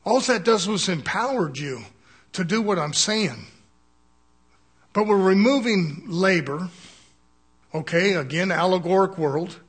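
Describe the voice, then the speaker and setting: Delivering a sermon to his congregation, an older pastor speaks in a notably high, husky voice, animated but a little slow, with long pauses. His plain, folksy talk wanders loosely, punctuated by chuckles and repeated requests for an "Amen."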